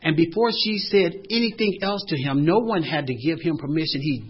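A man telling a personal story, animated and swinging from loud to hushed. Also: a little high, a little fast, slightly rough, dull audio.

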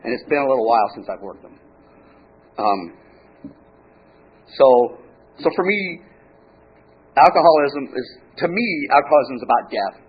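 A man telling his own story at a recovery meeting, in an animated way with halting restarts, then a joke. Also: mid-range voice, husky. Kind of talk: personal share and joke telling. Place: meeting room with an audience. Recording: dull lo-fi room recording, faint crowd.

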